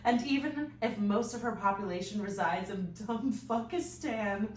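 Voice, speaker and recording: A woman hosting a comedic read-aloud of fanfiction, animated and swearing as she reads to friends. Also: mid-range voice, moderate pace. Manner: animated reading, swearing, breaking up laughing. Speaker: host reading fanfiction aloud. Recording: echoey room, distant mic, faint noise.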